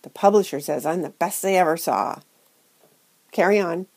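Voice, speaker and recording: A woman's voice: fairly low pitch, normal speed, a little mellow. A woman voicing a brusque, proud elderly woman author who uses a walker, speaking with impatient emphasis.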